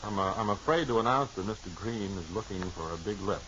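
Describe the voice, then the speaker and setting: A man's voice: on the low side, lively intonation, quick pace, noisy background. A man hosting a radio comedy show, bantering in a dry, mock-pompous way, on a dull old radio recording.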